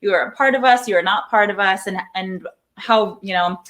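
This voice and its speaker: Answering interview questions at a moderate pace, this middle-aged psychology professor has a mid-range, slightly bright voice. She's thoughtful and explanatory, now and then repeating words as she thinks.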